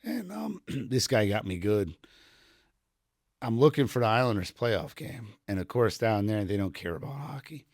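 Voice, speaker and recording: A man's voice: lowish voice, sing-song, moderate pace, no room sound, clean studio sound. A middle-aged retired Army sergeant telling rambling anecdotes full of fillers, quoting people as he goes, in a casual podcast chat. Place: podcast studio room.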